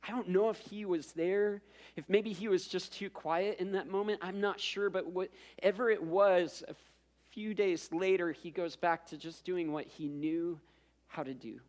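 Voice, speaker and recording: Male pastor, sermon, conversational storytelling, slightly high voice, repeats words. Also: steady tone, measured pace, darkish tone. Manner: conversational storytelling with self-deprecating asides; repeats words when building up.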